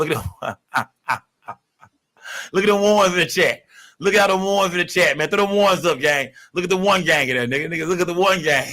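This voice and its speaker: A young man hosting a casual livestream, rambling and profane, giving constant shout-outs to his viewers. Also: fairly high pitch. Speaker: livestream host.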